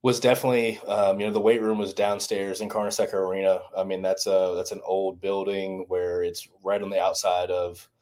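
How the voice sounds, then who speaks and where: Guest type: low monotone Southern man, chatty coach, rambles. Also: fairly quick, few pauses. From American South. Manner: rambling, many restarts and "you know"s. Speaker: former college baseball strength coach, guest. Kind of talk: casual podcast interview.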